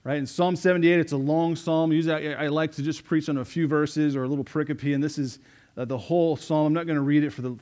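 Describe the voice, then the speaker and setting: Male pastor, conversational sermon delivery with frequent check-ins, voice a bit high. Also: a little mellow. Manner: conversational, asks "right?" often, repeats words.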